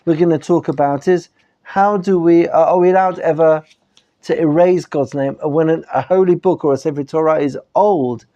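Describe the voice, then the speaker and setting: A man's voice: on the high side, normal speed, dark tone, lo-fi sound. A man with a British accent teaching a live class as a rabbi, polite and orderly, laying out the lesson plan. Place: study hall.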